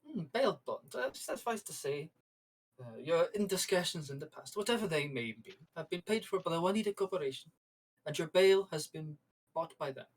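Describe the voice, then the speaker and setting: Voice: mid-range voice, animated, low-quality recording. A game master putting on a smug corporate manager. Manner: courteous, drawn-out, faintly menacing. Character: smug polite male corporate manager on a starship screen.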